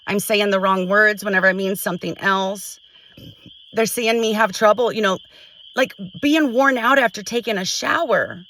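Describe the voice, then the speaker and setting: A middle-aged woman venting to a phone camera at home, frustrated and halting, restarting her sentences often. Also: medium pitch, sharp tone, far from the mic, low-quality recording. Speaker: vlogger. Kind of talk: emotional personal vent to camera.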